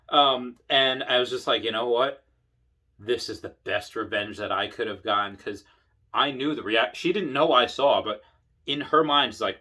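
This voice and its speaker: A tipsy man telling long, winding stories about his time in the service, swearing freely. He slips into other people's voices and shouts their lines now and then. His speech wanders and restarts as he goes. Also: mid-range voice, breathy edge. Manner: rambling, profane, acts out voices in bursts. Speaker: Air Force veteran telling stories. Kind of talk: casual storytelling to camera.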